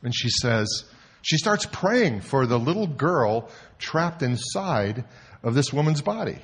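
A man preaching a sermon, telling a story in an animated way and swinging from hushed to loud. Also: mid-range voice, slow pace, husky. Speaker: pastor.

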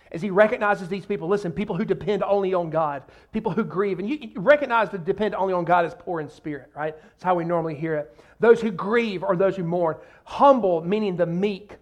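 A man preaching a sermon in a lively, conversational way, often acting out quoted voices and using casual asides. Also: high-pitched. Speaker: pastor.

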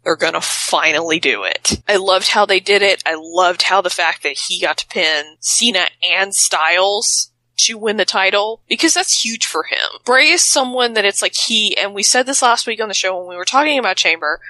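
A woman co-hosting a casual wrestling talk show, chatty and excitable, with teasing asides. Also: medium pitch, moderate pace, few pauses, no room sound, low-quality recording. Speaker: podcast co-host.

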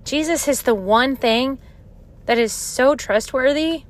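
Woman preaching on her podcast, slow and heartfelt, highish voice. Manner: earnest, heartfelt. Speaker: podcast host giving a devotional talk. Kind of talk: devotional teaching.

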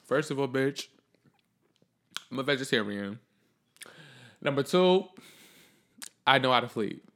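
A man hosting his own podcast alone, talking off the cuff in a blunt, profane, sassy way, swinging between loud outbursts and low muttering. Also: expressive, a little slow, long pauses. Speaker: podcast host. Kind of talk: solo podcast monologue, unscripted.

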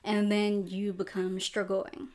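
A woman's voice: medium pitch, monotone, takes it slowly, a little mellow. A young adult woman hosting a podcast, giving a casual, rambling movie review full of "like" fillers. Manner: chatty, rambling, lots of "like" fillers. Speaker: podcast host. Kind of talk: casual film review commentary.

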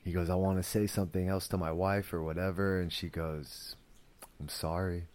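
Deep-voiced man rambling casually. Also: flat delivery, brisk, a little mellow. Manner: rambling, with many fillers and restarts; earnest and emotional. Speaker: podcast host. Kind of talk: casual spoken commentary.

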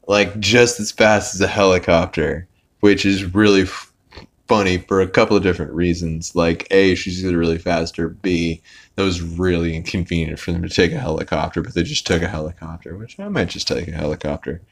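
A man's voice: low voice, a little fast. A man hosting a podcast, recapping an episode in a casual, rambling way with lots of filler words and some swearing. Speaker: podcast host.

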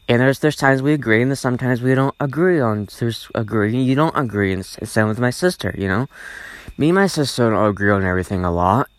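A man rambles through a solo podcast rant, circling back on the same points and cursing freely. His voice sits at an ordinary middle pitch. The sound is close and dry, with no room echo. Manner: rambling, repetitive, swears often. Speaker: podcast host.

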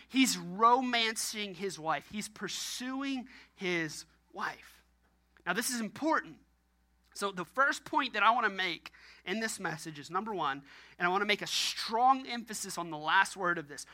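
Bright-voiced preacher, emphatic and repeating. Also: male voice, high voice. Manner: emphatic, repetitive preaching with laughs. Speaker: pastor. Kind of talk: sermon.

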